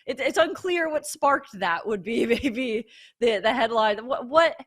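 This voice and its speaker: A woman co-hosting a sports podcast, chatting excitedly and laughing now and then. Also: on the high side, unhurried. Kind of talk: casual sports talk.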